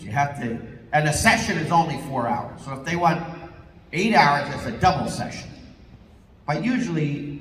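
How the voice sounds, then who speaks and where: A man as a voice actor guest at a convention panel, telling comic stories in an animated, jokey way and swearing casually. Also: on the high side, a little hiss or hum. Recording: echoey hall, voice from far off.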